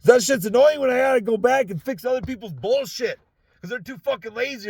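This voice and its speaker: Raspy, profane man ranting with a Southern accent. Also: very high-pitched, brisk, dry recording. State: tired, sore voice. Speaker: podcast host. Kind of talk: casual solo rant. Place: inside a parked truck.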